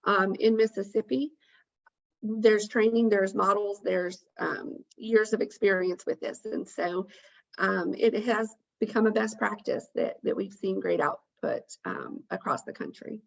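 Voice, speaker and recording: A woman's voice: medium pitch, unhurried, creaky, highs cut off. A woman presenting on a webinar, talking through a list of points in an earnest way with frequent ums. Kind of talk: informational webinar talk. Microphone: video call.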